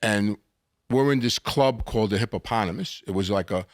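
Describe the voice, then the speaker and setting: An older man spins his stories in a lively, animated way, jumping in pitch when he acts out what people said. His voice is close and dry, with no room sound around it. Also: moderate pace, no echo. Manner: animated storyteller acting out quotes, frequent restarts. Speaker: guest. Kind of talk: storytelling interview.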